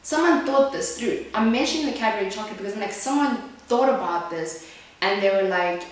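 A woman's voice: medium pitch, lively intonation, a little fast. A young woman from South Africa chatting frankly while doing her makeup, her voice rising sharply when she gets upset. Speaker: beauty vlogger. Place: small echoey room. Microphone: camera mic at a distance. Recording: echoey room, distant mic.

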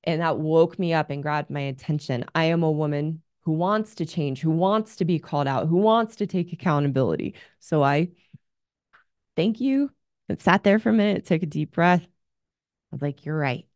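A woman's voice: sits low, normal speed, a little mellow, no echo, studio quality. A woman hosting an advice show as a relationship coach, talking in an earnest, candid coaching tone. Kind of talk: advice monologue.

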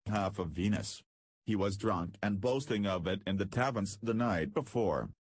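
A man reads a steady older spaceman who speaks plainly and matter-of-factly. The voice is low and husky, with a dry, close sound. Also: moderate pace, no echo. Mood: sober.

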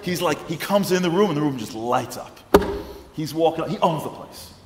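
A man telling a story at a lecture, animated and playful, his pitch swinging widely. His voice carries through a large hall with a long, roomy reverb. Faint noise hums underneath. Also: moderate pace. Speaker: guest lecturer.

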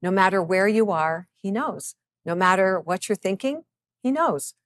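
A woman in her fifties, a psychologist and author, reading a scripted devotional. She speaks earnestly to the listener and slows down to give scripture passages deliberate weight. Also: medium pitch, animated, no echo. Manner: earnest, encouraging address to the listener.

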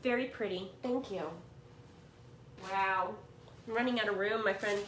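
A woman's voice: medium pitch, a little slow, pauses often, roomy sound, noisy background. A middle-aged woman, gushing as she unboxes yarn from a swap and chats to her viewers in a cluttered room at home. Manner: gushing, excitable, talks to viewers as friends. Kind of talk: casual unboxing chat.

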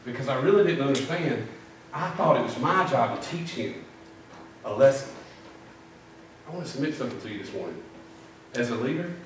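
Guy preaching, tells folksy stories, booming hall echo, faint room hum. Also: a bit bright. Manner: folksy storytelling with drill-sergeant impressions. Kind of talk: sermon with personal stories. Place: church sanctuary. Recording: echoey church from far off.

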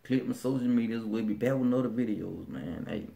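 A man's voice: mid-range voice, fairly quick, vocal fry, very noisy. A man with a Birmingham, Alabama accent chatting casually in a vlog, laid-back and slangy, often restarting his sentences. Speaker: vlogger.

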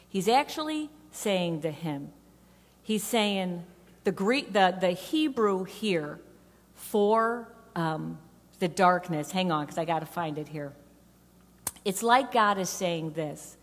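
A woman's voice: mid-range voice, lively intonation, takes it slowly. A woman pastor preaching a sermon in a conversational, playful way. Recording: reverberant church hall.

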